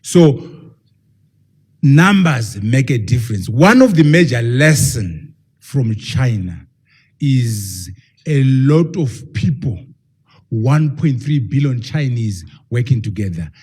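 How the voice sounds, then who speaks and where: A man's voice: mid-range voice, animated, slow pace, darkish tone, breathy edge. A man, a professor, giving an emphatic public lecture and firing rhetorical questions at his audience.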